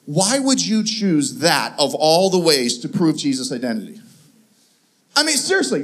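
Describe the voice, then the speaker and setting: A male pastor preaching a sermon, telling stories with lively acted-out voices and frequent laughs. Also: high voice, moderate pace. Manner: animated storytelling, acts out voices, laughs often.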